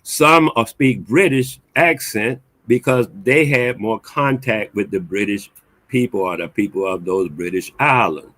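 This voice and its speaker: A man's voice: on the low side, unhurried, a bit bright, no echo, poor audio. A man in a casual discussion, explaining his view patiently with some hesitations. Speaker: podcast panelist.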